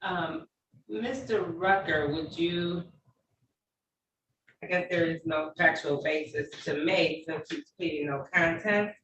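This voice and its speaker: Woman judge, video call, measured and procedural, echoey room, set back from the mic. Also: low-pitched, fairly bright tone. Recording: echoey, distant, faint noise.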